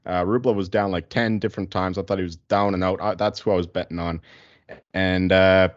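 Male co-host, casual and rambling, low-pitched, dry and slightly dull sound. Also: steady tone, a little fast, no room sound. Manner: rambling, laid-back, many fillers. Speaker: podcast co-host. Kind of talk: casual sports podcast chat.

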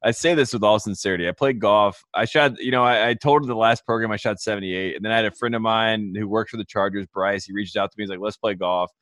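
Fast-talking man, dry close sound. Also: fairly low pitch, steady tone, fairly bright tone, no room sound. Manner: rambling, self-deprecating storyteller. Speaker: podcast co-host. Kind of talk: casual chat.

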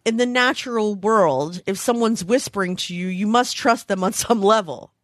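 A woman co-hosting a podcast in casual chat, playful and quick to laugh. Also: medium pitch, no echo, studio quality. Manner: playful, giggly storyteller. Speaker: podcast co-host.

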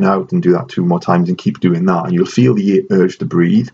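An Irish man hosts a casual podcast chat, explaining things with frequent restarts. His gravelly, mellow voice has fairly even intonation at a normal speed, and the audio is dull and low-fidelity with faint noise.

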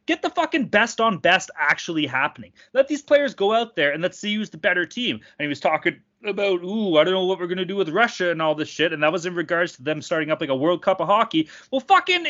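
A man's voice: high voice, sharp tone. Furious, profane man ranting on a podcast. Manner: angry, profane, rapid ranting. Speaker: podcast co-host. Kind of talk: heated sports podcast rant. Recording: dull lo-fi podcast audio.

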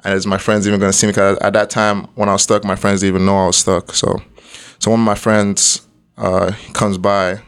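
Low, flat-voiced young man. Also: brisk, clean tone. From Nigeria. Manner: laughs often while telling a story. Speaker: guest. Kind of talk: casual storytelling interview.

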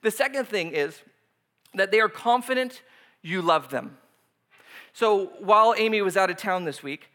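A man in his thirties gives a relaxed sermon in a high, lively register. His tone is bright and forceful, and he keeps cracking self-deprecating jokes and chuckling as he preaches. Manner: joking, self-deprecating, laughs often. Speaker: pastor. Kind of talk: casual humorous sermon.

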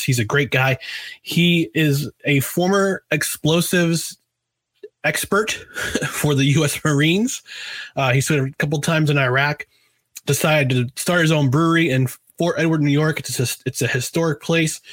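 A man hosts a casual talk show, rambling and chatty, often restarting his sentences. His voice sits a little high for a man. It is recorded dry and close, with no room sound. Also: fairly bright tone, dry recording. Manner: chatty, drinks a beer while talking. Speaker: podcast host.

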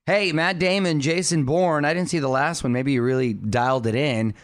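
A man's voice: fairly high pitch, steady tone, moderate pace, dry recording. Chatty male radio host, dry studio sound. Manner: upbeat, chatty. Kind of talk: casual radio talk.

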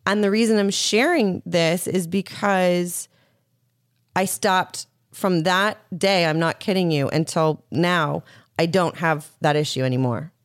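A woman speaking as a guest, telling a personal story quickly and frankly, with many "like"s. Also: on the low side, no echo, studio quality. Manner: rapid, frank, peppered with "like".

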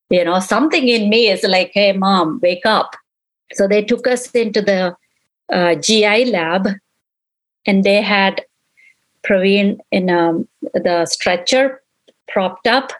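A middle-aged woman, a grieving mother, recounts events in an interview and acts out the dialogue she remembers, an emotional personal recollection. Her voice is mid-range, and the audio quality is poor.

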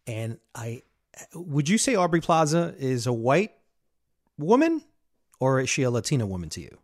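A man's voice: medium pitch, big pitch swings, normal speed. A man hosting a podcast discussion, explaining and recounting in a casual way. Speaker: podcast host and interviewer.

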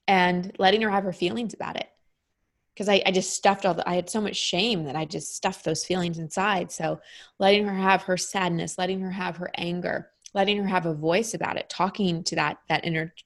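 A middle-aged woman speaking as an interview guest, explaining her ideas in a reflective, even way. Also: lowish voice. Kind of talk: interview conversation.

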